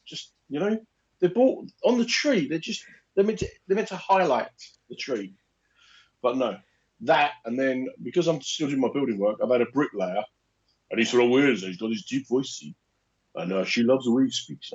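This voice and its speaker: A man co-hosts a relaxed chat and tells lively, exaggerated stories, slipping into other people's voices as he goes. His pitch moves up and down a good deal. The recording sounds a little muffled and lo-fi. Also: moderate pace, pauses often. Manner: animated storyteller, acts out other people's lines. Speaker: podcast co-host. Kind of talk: casual chat.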